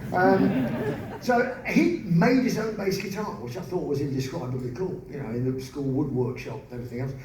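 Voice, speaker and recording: On stage at a large live venue, a spoken word performer tells self-mocking comic stories and breaks into song. His voice is a little high and darkish, at normal speed. The recording is echoey, with a distant mic and background noise.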